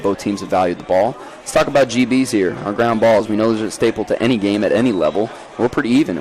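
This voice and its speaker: A man giving live play-by-play commentary on a lacrosse game outdoors, folksy and energetic as he calls the action. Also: on the low side.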